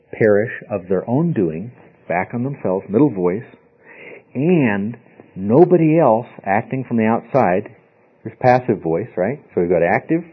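Man, husky voice, emphatic classroom teacher, dull lo-fi recording. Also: on the low side. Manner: emphatic, asks the class questions often.

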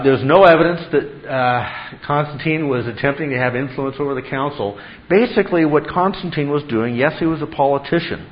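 A man lecturing a Bible class, his voice rising sharply when he presses a point and dropping low when he winds it down. He fires rhetorical questions at the room. The recording is dull and lo-fi. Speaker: Bible teacher.

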